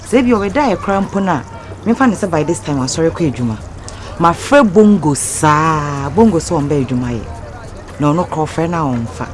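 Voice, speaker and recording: A woman's voice: on the low side, noisy background. A woman with a Ghanaian accent playing a miserable young wife who complains about her husband in a mix of Twi and Pidgin English. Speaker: distressed wife. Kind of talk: Ghanaian comedy film acting.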